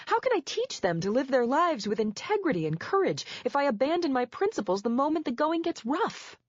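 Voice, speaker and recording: A woman's voice: sits high, sing-song, fairly quick, no room sound, dull audio, pitched above the performer's own voice. A woman voicing a desperate wife who refuses to give in, speaking in a strained, raised voice. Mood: defiant. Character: desperate wife standing firm on principle.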